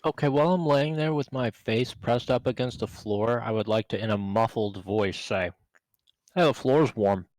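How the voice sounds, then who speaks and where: A young man with a lowish voice jokes his way through a tabletop game, dry and close on the mic. His questions come casual and playful. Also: steady tone, normal speed, few pauses, darkish tone, no echo. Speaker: player.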